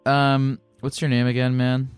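A man's voice: medium pitch, monotone, measured pace, smooth, no room sound, faint music behind. A male call-in host who chats casually and cracks crude jokes. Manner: crude, joking banter.

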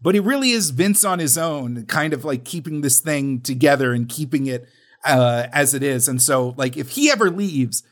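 A man's voice: mid-range voice, animated, moderate pace. A man co-hosting a podcast in casual chat, talking loosely with many fillers and casual swearing. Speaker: podcast co-host.

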